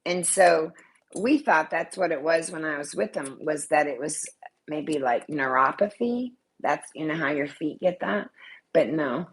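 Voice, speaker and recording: An older woman vlogging in casual chat to camera, blunt and profane, talking on without pause. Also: sits low, husky, poor audio.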